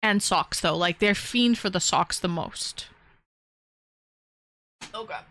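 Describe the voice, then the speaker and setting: Unhurried woman streamer, dry close sound. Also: a bit bright, no echo. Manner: chatty, coos at her dogs in a high baby voice; talks to her chat, with profanity. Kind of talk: casual live-stream chat.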